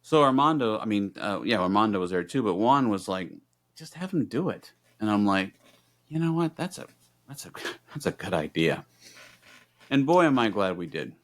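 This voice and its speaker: Low-voiced man telling an animated story. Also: normal speed. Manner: animated storyteller acting out both sides of conversations. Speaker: podcast co-host. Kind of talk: casual storytelling chat.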